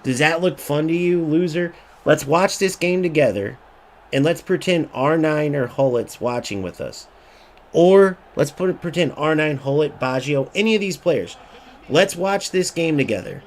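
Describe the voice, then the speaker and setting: A man's voice: a little high, a little hiss or hum. A man giving ranting gameplay commentary, angry and profane, repeating himself and mocking other players. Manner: mocking voice when quoting others. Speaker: gaming YouTuber.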